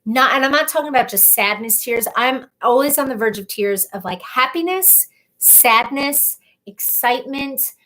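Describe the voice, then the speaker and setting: Her voice sits high and sounds a bit bright and animated at a normal speed. She's a livestream host in her thirties, chatting casually, reading out viewer comments, and sharing herself openly and emotionally.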